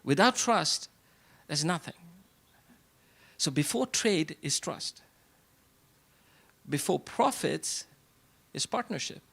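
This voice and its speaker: A man's voice: fairly high pitch, lively intonation, slow pace, vocal fry, pauses often, bright, forceful tone, husky. A middle-aged man giving a motivational speech to a live audience at a business networking event, asking rhetorical questions and repeating short punchlines. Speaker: event speaker. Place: event hall before an audience.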